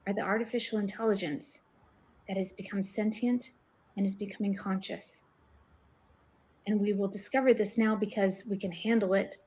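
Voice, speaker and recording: A woman guest on an online talk show, her voice sitting at a middle pitch. She explains her theories earnestly, pushing her emphasis up on the key points. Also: a little mellow. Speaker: guest researcher. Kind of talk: casual online discussion.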